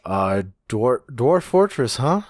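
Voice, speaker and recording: A man's voice: mid-range voice, big pitch swings, slow pace, dry recording, studio quality. A man co-hosting a podcast in casual chat, rambling with many restarts and the odd swear. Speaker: podcast co-host.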